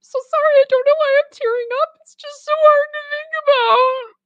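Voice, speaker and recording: Woman putting on a high, teary, overdramatic middle-aged mother-in-law, very sentimental. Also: flat delivery, quick pace, dry recording, lo-fi sound, natural voice. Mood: weepy. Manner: tearful, overdramatic.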